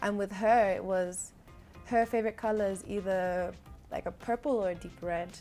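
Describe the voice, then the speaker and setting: A woman's voice: mid-range voice, fairly even intonation, moderate pace, mellow, faint music behind. A young woman from Zambia, an actress and model, chatting casually as an interview guest with light humour and frequent laughs.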